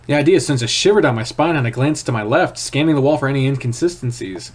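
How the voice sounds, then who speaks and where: A man reading a visual novel aloud in first person, with a hushed, tense, dramatic delivery. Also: mid-range voice, animated, fast. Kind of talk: first-person story narration.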